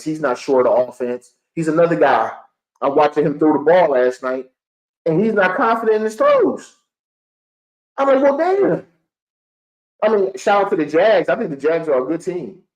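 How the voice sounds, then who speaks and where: Young man, streaming fan-show host, heated repetitive rant, fairly high voice. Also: darkish tone, poor audio. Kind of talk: live-streamed fan sports commentary.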